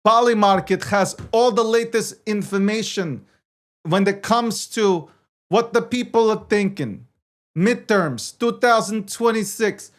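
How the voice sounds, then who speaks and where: A man's voice: sits high, measured pace. A man co-hosting a casual livestream about crypto and markets, boastful and joking, often stumbling and repeating his phrases. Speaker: weekly co-host of a crypto markets show.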